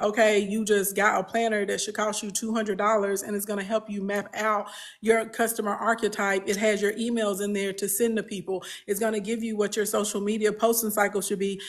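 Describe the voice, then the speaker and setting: A woman, a business coach talking bluntly and emphatically to her followers, often repeating phrases. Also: medium pitch. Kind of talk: candid talk to followers.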